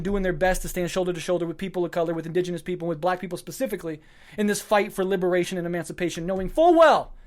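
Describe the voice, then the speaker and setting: A man hosting a podcast launches into a heated political monologue, swearing freely and building his points through rapid, repeated clauses. He sounds raw and worn out from lack of sleep, his emotions barely held in check. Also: sits high. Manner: fiery, swearing, emphatic, speaking in repeated short clauses. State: emotionally worked up and short on sleep. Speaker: podcast host.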